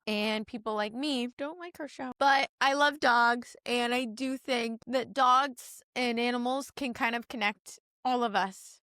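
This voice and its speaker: A woman's voice: on the high side, a bit bright, dry recording, studio quality. A young woman in a casual opinion vlog, chatty and candid, with her talk peppered with "like". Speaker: YouTube commentator.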